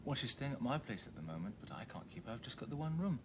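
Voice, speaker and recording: An actor playing an apologetic young grandson who rambles hesitantly. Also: male voice, medium pitch, big pitch swings, rapid-fire, noisy background. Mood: worried. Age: young adult.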